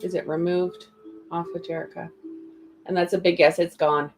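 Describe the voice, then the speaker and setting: A woman's voice: fairly low pitch, little pitch movement, moderate pace, soft background music, poor audio. A woman giving live-stream spiritual card readings, chatty and calling viewers darling and sweetie. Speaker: spiritual reader.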